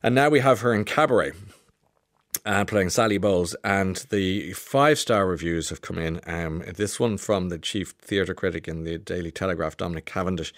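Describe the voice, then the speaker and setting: A man's voice: low-pitched, moderate pace, a bit bright, dry recording, studio quality. A man hosting a radio show, chatting through the day's stories in a rambling, jokey way. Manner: rambling, jokey, restarts often. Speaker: radio host. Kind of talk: chatty radio news commentary.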